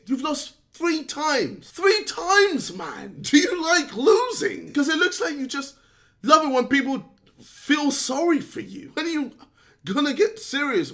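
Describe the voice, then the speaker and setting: A young man from lectures a friend in an exasperated rant, his high, bright voice swinging through a lively range. He scolds and swears, breaking into laughs between his points. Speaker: vlogger addressing a fellow creator. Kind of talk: direct-to-camera rant.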